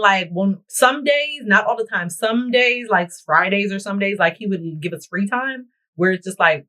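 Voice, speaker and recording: Young woman vlogger, expressive storyteller, mid-range voice, chatty get-ready-with-me delivery. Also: medium pitch, a little fast, hardly any pauses, poor audio. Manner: dramatic, animated, talks straight to viewers. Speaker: beauty vlogger. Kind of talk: storytime chat while getting ready. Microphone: camera mic while doing her makeup.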